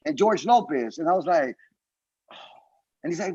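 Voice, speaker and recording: Animated, high-voiced man telling stories. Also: moderate pace, long pauses, breathy edge, muffled recording. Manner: animated storytelling, profane, acts out quotes. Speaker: guest comedian. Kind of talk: casual podcast chat.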